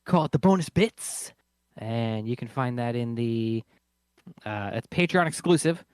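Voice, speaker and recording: A man with a clean, resonant voice co-hosts a casual board game podcast. He talks in a relaxed, hesitant way with frequent pauses. The recording is dry and close. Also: mid-range voice, smooth, no room sound. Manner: hesitant, many uh fillers, relaxed. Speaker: podcast co-host.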